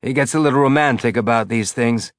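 A man's voice: mid-range voice, fairly quick, dry recording, natural voice. Guy narrator doing a tinny belter-accent alien robot, laid-back and wry, kinda dry sound. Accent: Belter (The Expanse). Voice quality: tinny, laconic drawl.

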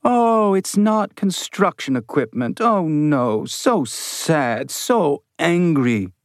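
A man voicing a tall male maintenance worker who mocks in a high sing-song voice. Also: big pitch swings, slow pace, no room sound, studio quality. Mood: mocking sing-song.

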